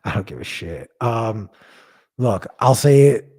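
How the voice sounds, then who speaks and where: A man with a low voice hosts a casual sports chat. He talks bluntly and swears, ranting and laughing at his own jokes. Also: big pitch swings, unhurried, mellow, husky. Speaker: podcast co-host.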